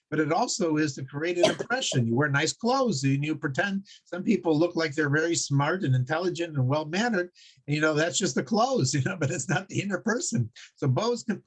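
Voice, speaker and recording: A man teaching a Torah class, telling stories in a halting way with many restarts and frequent chuckles. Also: fairly high pitch, slightly rough. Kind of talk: religious class with storytelling.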